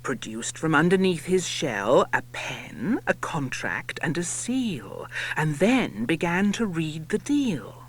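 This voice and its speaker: A man's voice: on the high side, very animated, slow, hardly any pauses, fairly bright tone, slightly rough. A man narrating a rhyming storybook audiobook in a playful, theatrical way, dropping to a whisper on some lines. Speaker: audiobook reader.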